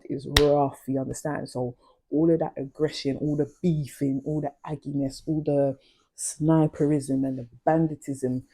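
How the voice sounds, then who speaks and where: A woman's voice: low-pitched, dark tone, husky. A young adult woman, chatting casually and confidingly about her past in slang-heavy storytelling. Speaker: vlogger.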